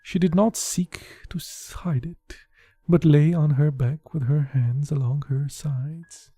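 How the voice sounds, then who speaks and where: An audiobook narrator reading a literary novel in a measured, even way. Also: mid-range voice, husky, no echo, faint music behind.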